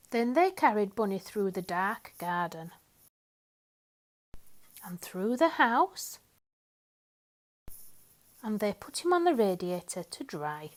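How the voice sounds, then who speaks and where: Woman storyteller, picture-book read-aloud, slow, lively sing-song. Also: medium pitch.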